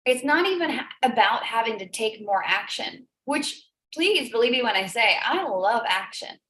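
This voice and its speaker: A woman's voice: a little high, lively intonation, normal speed, fairly bright tone. A woman hosting a live business coaching stream, talking earnestly and emotionally, repeating phrases for emphasis. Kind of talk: live-stream motivational talk. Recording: echoey room.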